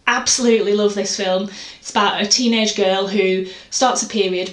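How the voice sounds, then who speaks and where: A woman chatting casually about her art, rambling and self-deprecating. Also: mid-range voice. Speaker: artist vlogger. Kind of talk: casual chat. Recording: echoey room, faint noise.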